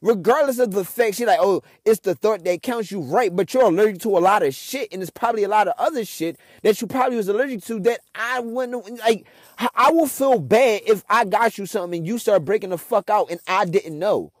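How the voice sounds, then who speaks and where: A man's voice: high voice, a little fast, no echo, studio quality. A young man, ranting with frustration and heavy cursing in a casual monologue as a podcast host.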